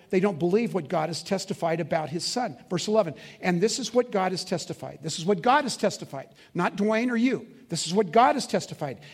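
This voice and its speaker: High-voiced man preaching a sermon. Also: darkish tone. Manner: emphatic, slows down to stress key words; asks the congregation to fill in answers. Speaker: pastor.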